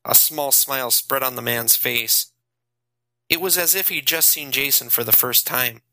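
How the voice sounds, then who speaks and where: A man narrating a horror audiobook in steady, dramatic storytelling. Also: mid-range voice, normal speed, no echo, low-quality recording. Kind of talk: scripted narration.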